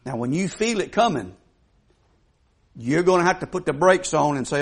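Husky folksy preacher man. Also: on the high side, sing-song, fairly quick. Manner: folksy, emphatic, asks the congregation questions. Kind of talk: sermon.

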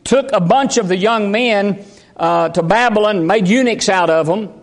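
Pastor, high-pitched man, fervent folksy preaching, reverberant sanctuary. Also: moderate pace. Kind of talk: sermon. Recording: long hall reverb.

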